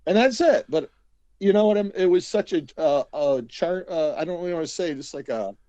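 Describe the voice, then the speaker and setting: A man's voice: a little high, animated, a little fast, warm tone, dry recording, lo-fi sound. A man casually telling a long story as an interview guest, rambling with many fillers and acting out quotes.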